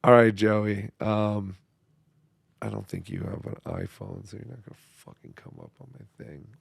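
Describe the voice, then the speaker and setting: A hoarse man who is losing his voice hosts a casual livestream chat, reading viewer messages in a profane, mumbling, self-deprecating way. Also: on the low side, wildly swooping pitch, normal speed. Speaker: show host.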